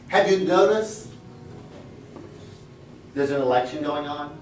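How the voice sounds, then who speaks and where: A man's voice: on the high side, expressive, very slow, pauses often, slight background noise. A middle-aged man giving a humorous prepared speech to a club, playful and laughing between lines. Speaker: club speaker. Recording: echoey room, far mic.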